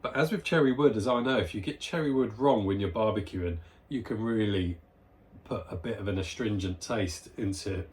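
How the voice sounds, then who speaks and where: With a fairly low voice at normal speed, this beer reviewer runs his own vlog from home beside a barbecue area. He smells and tastes a beer, chatting in a relaxed, enthusiastic way.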